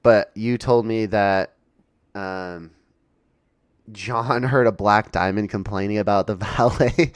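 A young man hosts a laid-back podcast conversation, laughing along and cursing often. His voice sits a little low and sounds smooth and clean. The recording is dry, with no room sound. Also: slow, no room sound. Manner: laughing, profane banter. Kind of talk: casual podcast chat.

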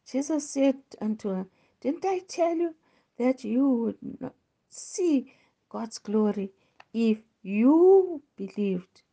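A woman hosting a devotional, slowly reading Bible passages aloud with small stumbles. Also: sits high, expressive, warm tone. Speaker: devotional host. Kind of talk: slow scripture reading.

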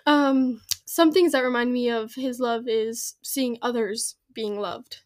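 A woman's voice: a little high, steady tone, takes it slowly. A young woman in her teens, a podcast guest, earnestly telling a personal story with frequent giggles. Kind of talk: casual podcast chat.

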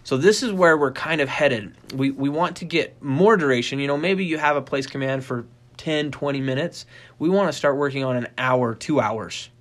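Animated middle-aged man explaining dog training. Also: normal speed. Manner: animated storyteller, acts out quoted voices in a high pitch; rambling with frequent restarts and fillers. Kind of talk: casual instructional talk.

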